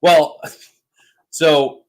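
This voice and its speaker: A man in his thirties hosting a podcast, telling stories in an animated, jokey way with some swearing. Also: on the high side, extremely slow, rough recording. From United States. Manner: animated storyteller, jokey and profane. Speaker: podcast host. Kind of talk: casual chat.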